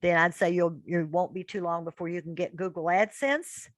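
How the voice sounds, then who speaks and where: A woman's voice: fairly low pitch, fairly even intonation, moderate pace, no echo, low-quality recording. A woman hosting an online business group meeting, calling on members and encouraging their goals. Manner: encouraging, upbeat. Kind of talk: casual group video call.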